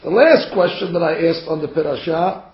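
A man teaching a Torah class, reading verses aloud and acting out the figures' words in a lively way. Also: a little high, a little fast. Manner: animated, acts out the figures' words. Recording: dull, echoey room.

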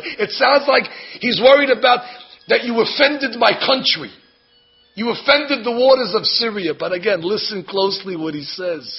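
A man teaches a Bible lesson as an animated storyteller who acts out every character. His voice sits high, and the recording is dull and lo-fi. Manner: lively storyteller acting out the characters. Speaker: religious teacher.

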